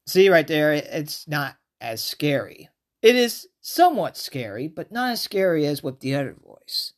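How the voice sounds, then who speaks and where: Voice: mid-range voice, very animated, measured pace. A podcast host chats through a movie review in a loose, unscripted way. Sentences ramble and restart as thoughts come. The delivery sounds informal and conversational. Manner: rambling, self-interrupting, chatty.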